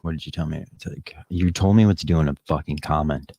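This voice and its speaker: Very deep husky-voiced man ranting. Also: fast, warm tone, no echo. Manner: rambling, profane, talks back to chat comments. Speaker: podcast host. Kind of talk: casual live-stream chat.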